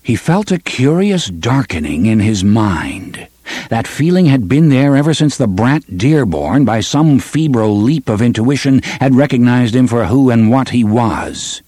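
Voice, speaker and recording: A man reading a gritty novel aloud in steady, measured audiobook narration. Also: mid-range voice, no echo. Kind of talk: scripted narration.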